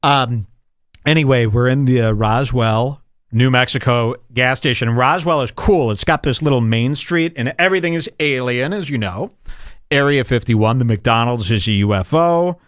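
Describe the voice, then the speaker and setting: A man's voice: medium pitch, moderate pace, fairly bright tone, no echo, clean studio sound. A man hosting a podcast, telling rambling, sarcastic stories in a casual comedic chat. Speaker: podcast host.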